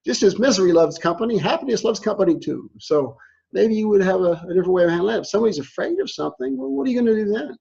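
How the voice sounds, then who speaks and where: Husky-voiced man giving a casual lecture. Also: high voice, lively intonation, racing, darkish tone. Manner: conversational, acts out quoted reactions. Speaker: university instructor. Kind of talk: recorded lecture. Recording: dull lo-fi recording.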